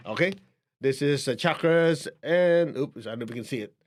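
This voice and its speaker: A man with a Chinese accent teaches in a loose, conversational way, his voice sitting a little higher than most men's. He chuckles lightly as he explains things, like a spiritual teacher talking to a class. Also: animated, moderate pace. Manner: conversational, chuckling, shows a book to camera. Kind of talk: casual teaching talk to camera.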